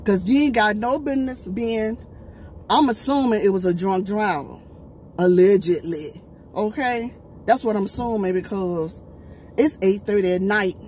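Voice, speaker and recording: A woman's voice: mid-range voice, normal speed. A woman vlogger telling a storytime to camera, talking emphatically and straight to her viewers. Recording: loud traffic noise behind the voice.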